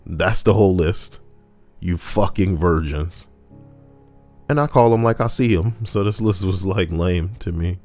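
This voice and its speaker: A YouTuber with a very deep, low voice reads Reddit posts aloud at a measured pace, mocking them with loose, crude, sarcastic humor. He wanders off on tangents while soft music plays quietly underneath.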